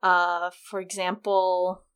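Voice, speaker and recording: A woman's voice: lowish voice, little pitch movement, slow, a bit bright, clean tone. A woman hosting a podcast, casually and enthusiastically explaining poetic meter with examples and lots of filler words.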